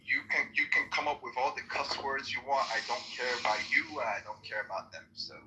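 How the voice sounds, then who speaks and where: A man's voice: medium pitch, quick pace, pushed and bright, slight background noise. A man on a phone call, dismissive and mocking, repeating that he doesn't care. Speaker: prank call target. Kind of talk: heated phone argument.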